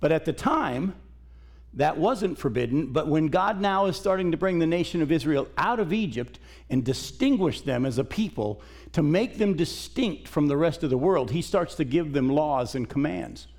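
Middle-aged man preaching a folksy, conversational Bible sermon in a church, voice sitting a touch high. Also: animated, moderate pace, a little mellow. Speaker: pastor. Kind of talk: sermon with scripture reading. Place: church sanctuary.

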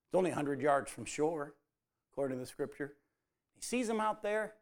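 Guy preaching, raspy fry in his voice, does little voices for the people in the story. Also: on the high side, normal speed, long pauses, a little mellow. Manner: storytelling, acts out the quoted lines in dialogue. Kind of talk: sermon.

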